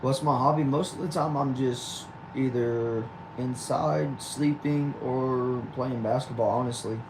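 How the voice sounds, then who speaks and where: A man's voice: medium pitch, fairly even intonation, unhurried, background noise. A man, reading chat aloud on a casual livestream from a small back room at home and answering with dry, easygoing replies. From Texas. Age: 20s.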